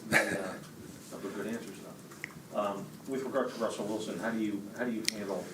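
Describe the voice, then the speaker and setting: Deep male reporter, quick rambling question, far off in an echoey room, loud noise. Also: steady tone. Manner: rambling, restarts mid-question. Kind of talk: press conference question.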